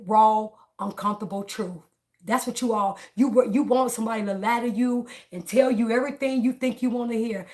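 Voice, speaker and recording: A woman, talking bluntly and defiantly to her viewers in a casual opinion vlog, repeating herself often. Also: a little high. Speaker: political vlogger.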